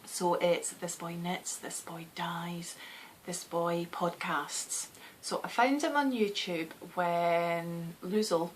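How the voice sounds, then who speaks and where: Speaking slowly in a fairly low voice, a woman in her thirties with a soft West of Scotland accent rambles on her knitting podcast. She laughs a lot and often drops into a whisper, with slight background noise behind her.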